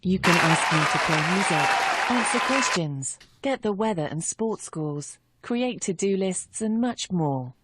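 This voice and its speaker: A woman's voice: fairly low pitch, lively intonation, measured pace, hardly any pauses. A synthetic female voice assistant with a slight British accent, speaking evenly and politely from a device speaker. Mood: informative. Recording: device speaker with room chatter and noise.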